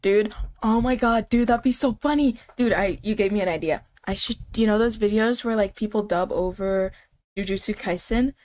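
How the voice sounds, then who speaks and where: A woman's voice: medium pitch, normal speed, a little mellow. A woman streaming live, chatting casually with her viewers in a rambling, playful way, often saying "like" and "dude".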